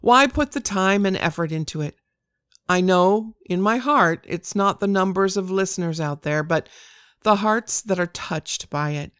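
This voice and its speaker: A woman's voice: medium pitch, a little slow, a bit bright, clear, resonant tone, no echo, studio quality. An older woman hosting a devotional podcast, talking in an earnest, encouraging way. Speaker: podcast host.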